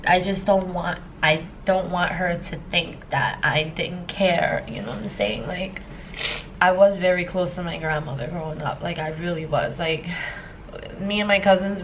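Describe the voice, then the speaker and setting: A life coach in her thirties tells a personal story in a casual vlog, emotional and rambling with many fillers, sometimes tearful. Her voice is fairly low, and the low-quality recording carries a little hiss or hum.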